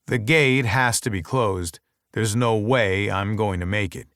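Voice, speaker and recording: Low, dry-voiced male audiobook narrator. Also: measured pace, a bit bright, clear, resonant tone, dry recording. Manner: wry, intimate inner monologue. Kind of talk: first-person romance audiobook narration.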